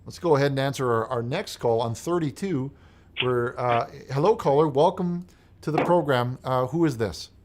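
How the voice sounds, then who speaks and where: A man hosting a comedic call-in show in the style of a preacher. He swings between mumbled reading of messages and loud, exasperated ranting. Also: mid-range voice, normal speed, slight background noise.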